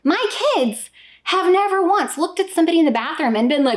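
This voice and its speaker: A woman's voice: very high-pitched, lively intonation, a little fast. A woman in her thirties talking straight to the viewer as a homeschooling parent, emphatic and often checking in with "okay?". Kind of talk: direct-to-camera talk.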